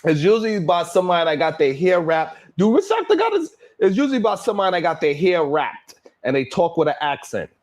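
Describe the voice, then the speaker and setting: Reading chat names aloud, a male streamer rambles along with frequent laughter and plenty of profanity. He talks quickly, barely pausing, and his pitch runs a bit above the usual male range.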